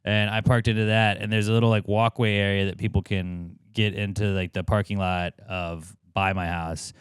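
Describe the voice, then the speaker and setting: A man in his thirties with a smooth, resonant voice rambles through a story on a podcast, swearing freely and leaning on filler words. The sound is dry and close, with no room around it. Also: on the low side, little pitch movement, moderate pace, dry recording. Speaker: podcast co-host. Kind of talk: casual podcast chat.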